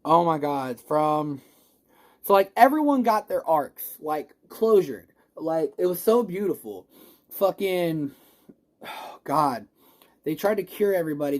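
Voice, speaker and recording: Rambling, excitable movie reviewer. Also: medium pitch. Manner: rambling, gushing, swears a lot; excitable, emotional, restarts often. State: a little stoned. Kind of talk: casual spoiler review vlog.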